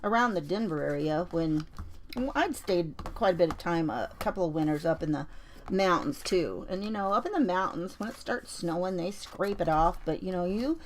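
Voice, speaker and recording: A woman's voice: lowish voice, animated, moderate pace, slight background noise. A woman chatting on a craft livestream as she works, telling stories and greeting viewers by name. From Colorado. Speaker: junk journal crafter on a livestream. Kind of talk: casual craft livestream chat.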